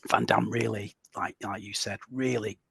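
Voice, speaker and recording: A man's voice: lowish voice, steady tone, normal speed, gravelly, a bit bright, husky, no room sound. Man, podcast host; casual, rambling, dry studio sound. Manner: rambling, many restarts and tag questions. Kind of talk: casual film discussion.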